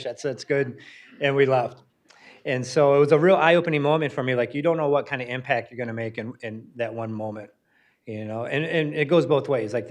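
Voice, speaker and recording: A middle-aged man from Northern Michigan hosting a talk, telling a story in a loose, conversational way, acting out the dialogue and poking fun at himself. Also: medium pitch. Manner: conversational, self-deprecating, acts out dialogue with fillers. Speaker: museum educator and panel host.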